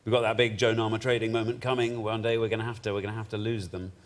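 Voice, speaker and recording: A man's voice: on the low side, flat delivery, racing. A man, a comedian guest on a TV chat show, talking in a dry, self-deprecating way. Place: TV studio.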